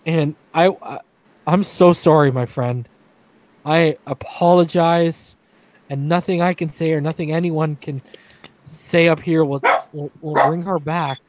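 A tearful, earnest man, slightly high. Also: steady tone, moderate pace, darkish tone. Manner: emotional, repeats himself, earnest. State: crying. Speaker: podcast host. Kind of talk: casual sports talk livestream. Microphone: streaming setup, remote call.

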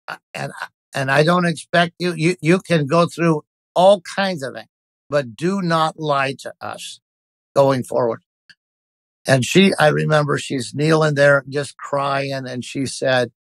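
A man's voice: fairly high pitch, a little slow, creaky, no room sound. A man, a pastor, telling a personal story in an interview, speaking intensely and emphatically with frequent restarts.

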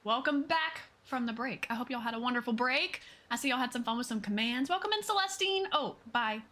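A woman's voice: fairly high pitch, animated, a little fast, pushed and bright. A woman game streamer chatting with her viewers while she plays. She talks casually, reads out their messages and greets people by name. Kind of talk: live gameplay chat.

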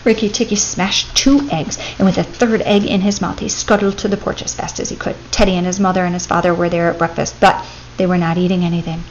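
A woman reading a classic children's story aloud as a storyteller, with expressive, steady pacing. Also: fairly low pitch, a little fast, highs cut off, slight background noise.

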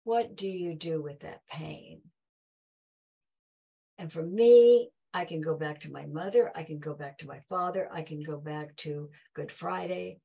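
A woman's voice: low voice, a little slow, vocal fry, dark tone, dull audio. A woman giving a heartfelt talk to an audience, telling stories and acting out quoted dialogue. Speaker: guest speaker.

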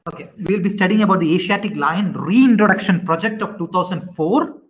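A man teaching an online class, quizzing students and often repeating himself with halting restarts. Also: high voice, lively intonation, poor audio.

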